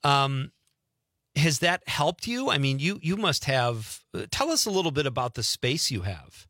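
A middle-aged man leads a relaxed interview with a voice that rises and falls a lot. He chats freely and laughs often. His tone is bright and clear, and the room sound is dry. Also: medium pitch, a little slow, no echo. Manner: chatty, laughs easily. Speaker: host. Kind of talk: casual interview chat.

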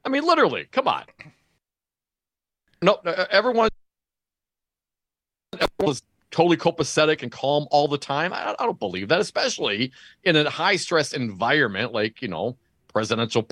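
A man's voice: fairly high pitch, big pitch swings, normal speed, long pauses, a bit bright, no echo, studio quality. A man co-hosting a casual news chat, wry and joking, often restarting his words. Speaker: podcast co-host.

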